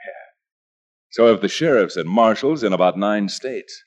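An actor playing a calm, cocky outlaw gunslinger who talks in clipped, menacing lines, in a 1940s radio western. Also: male voice, on the low side, moderate pace, lightly acted. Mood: cool. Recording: dull old radio recording.

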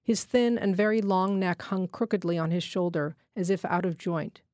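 A woman reading a literary short story aloud in a measured, steady way. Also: lowish voice, dry recording. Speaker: fiction reader.

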